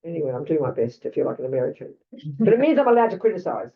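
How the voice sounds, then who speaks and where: Older australian woman teaching, lowish pitch, blunt, chatty asides, dull far-off mic. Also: very animated, racing, vocal fry. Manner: blunt, conversational, frequent asides. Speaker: Buddhist teacher. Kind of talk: dharma talk. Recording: lo-fi, distant mic.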